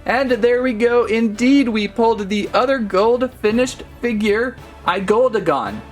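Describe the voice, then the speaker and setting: A man's voice: very high-pitched, fairly even intonation, a little slow, faint music behind. Playful man hosting a toy unboxing. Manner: playful, jokey, mock-serious. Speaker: toy channel host. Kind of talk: casual toy unboxing commentary.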